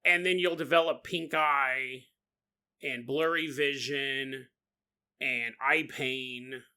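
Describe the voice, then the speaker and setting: A man hosting a comedic podcast, telling folklore with jokes, frequent laughter and quick silly voices. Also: mid-range voice, steady tone, bright, forceful tone, clear, resonant tone. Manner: jokey, laughs often, slips into quick silly character voices. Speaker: podcast host. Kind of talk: comedic paranormal storytelling.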